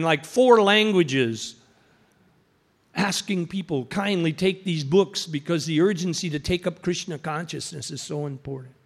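A high-voiced man preaching to listeners in a storytelling way. He breaks into the voices of the people in his stories and then drops back into a calm teaching tone. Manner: storytelling, acts out quoted voices. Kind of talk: anecdotal sermon.

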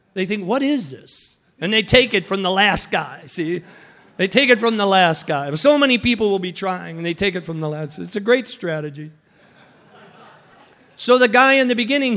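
High-voiced man preaching in stories. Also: sharp tone. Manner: storytelling, acts out quoted voices. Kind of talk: anecdotal sermon.

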